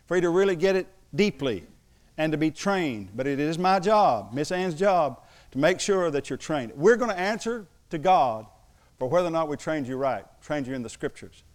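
A male pastor preaching to his church with a somewhat high voice. He drives his points home with emphasis and slips in joking asides between them. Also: lively intonation, moderate pace. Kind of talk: sermon.

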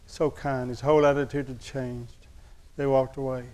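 A man's voice: mid-range voice, flat delivery, normal speed, darkish tone. Folksy male preacher telling a story. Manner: folksy, candid, humorous storytelling to a congregation. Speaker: pastor. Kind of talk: sermon storytelling.

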